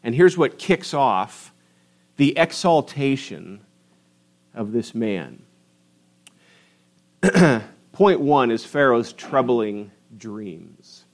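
A man's voice: mid-range voice, big pitch swings. A middle-aged man preaching a sermon in a church, telling stories and stretching out words for emphasis. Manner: storytelling, emphatic drawn-out stresses. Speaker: pastor. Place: church sanctuary.

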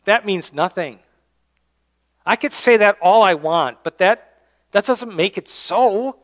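A man, the church's pastor, preaching a sermon and reading scripture aloud, swinging between loud emphatic lines and quiet low endings. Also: lively intonation, takes it slowly. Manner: reads scripture aloud in King James wording. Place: church sanctuary.

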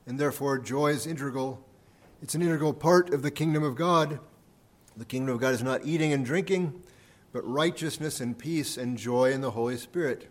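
A man's voice: medium pitch, normal speed. Man preaching an earnest sermon. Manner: earnest preaching, repeating key phrases for emphasis, volume rising and falling. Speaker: pastor. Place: church sanctuary.

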